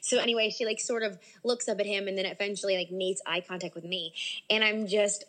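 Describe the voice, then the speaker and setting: A young adult woman telling a story as a podcast guest in a casual, animated way, with lots of "like" fillers. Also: medium pitch, brisk. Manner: animated, many "like" fillers, excitable.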